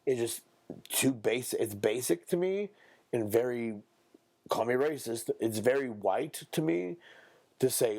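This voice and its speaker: Gravelly, animated young man ranting. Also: normal speed. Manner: blunt, profane, mocks others in a high squeaky voice. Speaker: podcast co-host. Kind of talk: casual ranting monologue.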